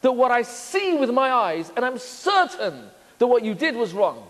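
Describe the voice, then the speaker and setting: A man's voice: extremely high pitch, huge pitch swings, normal speed, a bit bright. A rabbi giving a sermon, telling stories and asking rhetorical questions, acting out quotes as he goes. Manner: storytelling, asks rhetorical questions, acts out quotes. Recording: reverberant hall.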